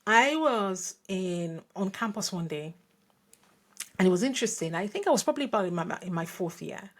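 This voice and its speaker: A woman's voice: medium pitch, lively intonation, normal speed. A woman from Nigeria hosting a podcast, telling a personal story in a reflective way with frequent restarts and asides. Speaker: podcast host.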